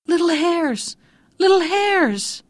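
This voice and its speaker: A clever little girl teases a monster from a treetop, voiced by a woman storyteller. Her voice is high and unbothered, close and dry. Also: lively intonation, normal speed, a little mellow, dry recording. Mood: calling. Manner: cheeky, unbothered.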